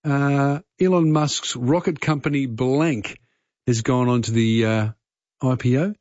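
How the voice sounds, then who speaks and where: A man's voice: mid-range voice, a little slow, a little mellow, no echo, dull audio. Chatty Australian man hosting late radio. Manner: chatty, with frequent uh fillers. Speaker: radio host. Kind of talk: casual late-night radio quiz hosting.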